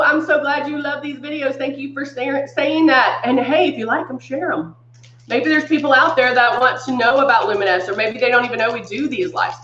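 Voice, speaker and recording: A woman's voice: high-pitched, pushed and bright, roomy sound, dull audio, slight background noise. A woman hosting a live makeup demonstration, chatting upbeat with viewers and greeting them by name, a little congested. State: congested from sinus trouble. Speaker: makeup brand live-stream host.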